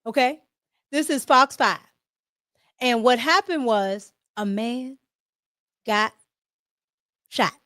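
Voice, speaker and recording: A woman's voice: on the high side, slow pace, long pauses, a bit bright, dry recording, clean studio sound. A woman from Washington, D.C. hosting a livestream, giving casual political commentary in a chatty way and checking in with her viewers as she goes. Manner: chatty, repeats "okay?" to the viewers. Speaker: livestream host.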